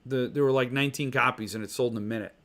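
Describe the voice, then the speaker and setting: A man hosting a casual livestream, rambling and gushing excitedly while chatting with viewers. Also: mid-range voice, rapid-fire. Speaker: podcast host. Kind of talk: casual livestream chat about book collecting.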